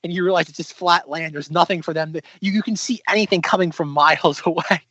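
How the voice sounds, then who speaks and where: A man's voice: fairly high pitch, steady tone, quick pace, fairly bright tone, no room sound, dull audio. A man co-hosting a film podcast, chatting loosely with lots of fillers. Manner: loose, filler-heavy chat. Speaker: podcast co-host. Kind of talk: casual film discussion.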